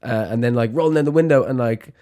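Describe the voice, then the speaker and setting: Rambling, laughing guest. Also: male voice, medium pitch, quick pace, dark tone. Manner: rambling, laughs often, many fillers. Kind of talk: casual chat.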